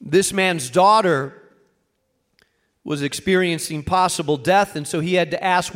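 A man's voice: sits high, normal speed, fairly bright tone. A man preaching a sermon to a congregation, earnest and rising to emphatic peaks. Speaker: pastor.

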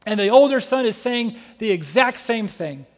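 High-voiced pastor preaching in a church hall. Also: male voice, normal speed. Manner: animated storytelling, acting out Bible characters' voices. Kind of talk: sermon. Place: church sanctuary.

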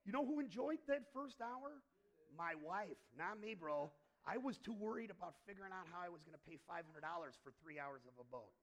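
A middle-aged male pastor preaching in a husky, raspy voice that sits high for a man. His pitch leaps around in a lively, animated way. He preaches conversationally, dropping to near-whispers and then rising to loud emphasis. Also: brisk, low-quality recording. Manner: conversational preaching with personal stories, swinging from hushed to loud. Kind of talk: sermon.

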